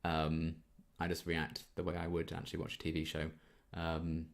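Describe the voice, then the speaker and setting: Low-voiced young man answering viewer questions. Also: monotone, moderate pace, vocal fry. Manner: chatty and easygoing, frequent ums. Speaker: YouTube reaction channel host. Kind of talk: casual Q&A reading out viewer questions.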